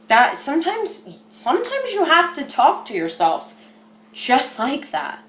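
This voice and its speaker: A woman with a high voice teaches self-help skills at a slow, unhurried pace. She sounds earnest and often drops to a soft, soothing tone. The recording has a noticeable echo from the room. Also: wildly swooping pitch, a little hiss or hum. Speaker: therapy skills presenter.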